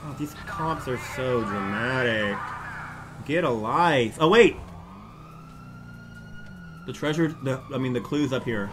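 A young man casually commenting as he plays a video game, animated and prone to shouting at what happens on screen. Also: medium pitch, slow pace, pauses often, background noise. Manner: animated, exclaims and yells at the game. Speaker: gaming YouTuber.

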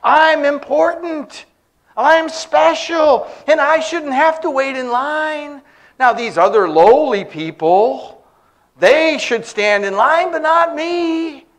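A man's voice: very high-pitched, animated, slow, a bit bright, pitched above the performer's own voice, exaggerated voice. A preacher putting on a boastful self-important man. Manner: boastful and indignant. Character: arrogant self-important man demanding special treatment.

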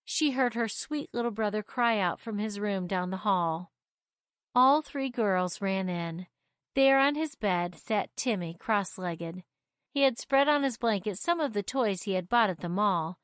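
A woman gently and expressively reading a children's story aloud. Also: mid-range voice, lively intonation, a little slow, no room sound, studio quality.

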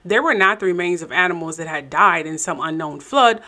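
A woman's voice: on the low side, brisk, bright, forceful tone. A woman hosting and narrating a commentary show, with sarcastic, skeptical asides. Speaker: show host.

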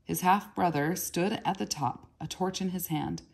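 A woman reads a novel aloud in a steady, measured way. Her voice sits low with a gravelly, husky texture. She carries the story without rushing. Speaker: reader.

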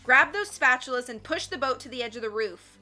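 A woman's voice: high-pitched, expressive, brisk, pushed and bright, heavily acted. A woman reading the part of a determined, anxious older sister, faint music behind. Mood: urgent.

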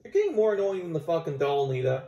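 Tired, foul-mouthed young Canadian vlogger, animated delivery, roomy echo. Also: male voice, fairly high pitch, fast, muffled recording. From Ontario, Canada. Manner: profane, rambling, swings between outbursts and mumbling. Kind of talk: casual rambling vlog. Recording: echoey room.

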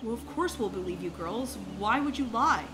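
A woman voicing a kind, caring adoptive dad in a game role-play, speaking gently and reassuringly. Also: on the high side, animated, normal speed, pitched below the performer's own voice, lightly acted. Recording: loud background game music.

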